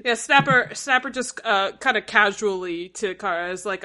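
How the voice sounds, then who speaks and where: A young woman co-hosting a podcast, chatting in a rambling, enthusiastic way with quick laughs and sudden jumps up in pitch. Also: sharp tone. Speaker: podcast co-host. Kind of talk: casual chat.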